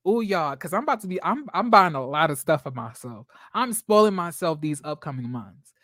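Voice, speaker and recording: A woman's voice: deep voice, sing-song, brisk, dry recording, clean studio sound. A woman in her twenties hosting a casual livestream, chatty and sassy, greeting viewers by name. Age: 20s. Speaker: livestream host.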